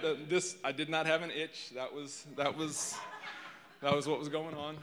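A man with a fairly high, unhurried voice opens a sermon as a guest preacher, holding a handheld mic in a church sanctuary with an echoing hall sound. He's emotional and tearful, rambling and poking fun at himself, yet warm with the congregation.

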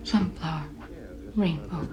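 An actress playing a dazed, catatonic woman who murmurs repeated words in a trance-like monotone. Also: sits low, slow pace, lo-fi sound, crowd noise. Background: loud eerie music.

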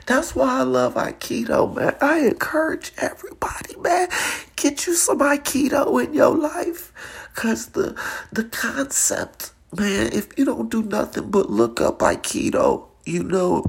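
A woman with a gravelly, creaky voice delivers a slow, unhurried confessional monologue. Her pitch swings widely as she talks, and her manner is raw and emotional, sliding between tearful and hushed. She sounds like a podcast host opening up in prayer.

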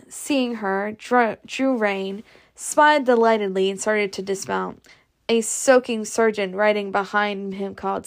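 Woman reading a classic novel, steady, a few slips here and there. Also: mid-range voice, a little slow. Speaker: audiobook reader. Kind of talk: amateur audiobook narration.

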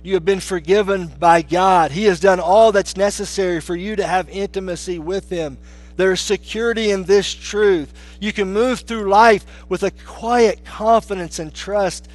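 Earnest preaching man, fairly high voice. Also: moderate pace. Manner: earnest preaching, swinging between hushed low lines and raised emphatic ones. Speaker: pastor. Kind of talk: sermon.

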